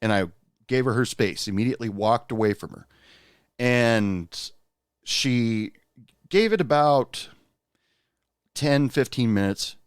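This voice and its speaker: A man's voice: medium pitch, takes it slowly, pauses often, smooth, no echo, studio quality. A man hosting a podcast, telling a personal story in a candid, rueful, conversational way. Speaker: podcast host.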